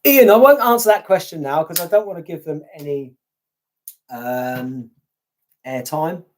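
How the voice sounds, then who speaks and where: Bloke, middle-aged, rambling live chat host, a touch higher voice, blunt. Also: male voice, measured pace. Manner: chatty, meandering, hums fillers while reading; blunt, swears casually. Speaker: YouTube channel host. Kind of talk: casual live stream chat, reading viewer comments.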